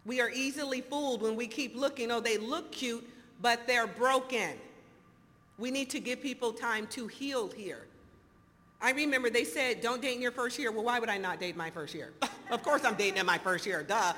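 A woman in her fifties telling her recovery story to an audience in an animated, storytelling way, acting out the dialogue. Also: fairly high pitch, fairly quick. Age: 50s. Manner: animated storyteller, acts out dialogue, laughs often. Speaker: speaker sharing recovery story. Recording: hall reverb, faint noise.

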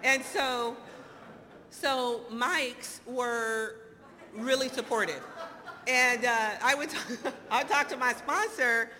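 Fifty-something lady sharing her sobriety story, bright sharp voice, big echoey hall, faint hiss. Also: fairly high pitch, slow pace, pauses often. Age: 50s. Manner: animated storyteller, acts out dialogue, laughs often. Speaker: speaker sharing recovery story. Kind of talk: recovery talk to an audience. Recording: hall reverb, faint noise.

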